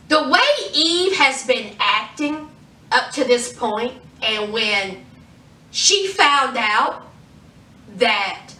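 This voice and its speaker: A woman casually recapping a TV episode for her vlog, telling the story in an animated way and acting out the characters' lines. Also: fairly high pitch. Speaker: TV show reviewer. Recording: roomy echo, distant from mic.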